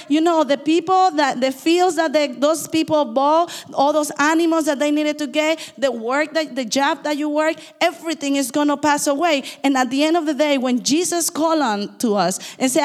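This is a woman pastor who preaches quickly and emphatically, with a non-native English accent. Her voice sits fairly high, and it carries the long reverb of a church hall. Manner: fast, emphatic preaching with asides and apologies. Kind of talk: sermon.

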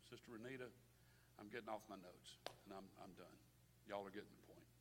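An older man, serving as pastor, preaches a sermon in a lowish voice at a brisk clip, impassioned and folksy, often repeating words. The long reverb of a church sanctuary fills the recording, along with faint noise.

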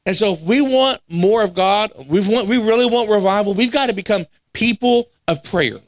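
Animated preacher with a higher voice. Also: male voice, moderate pace, no room sound. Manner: animated, acts out quoted voices, laughs at himself. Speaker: pastor. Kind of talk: storytelling sermon. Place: church sanctuary.

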